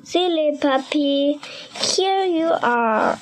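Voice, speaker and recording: A little girl reads a picture book aloud, word by word at a very slow pace. Her voice sits very high, and she drops a little lower for the dog's barks. A faint hiss runs under the recording. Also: lively intonation, poor audio. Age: child. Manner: slow careful reading with a few restarts. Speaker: young reader.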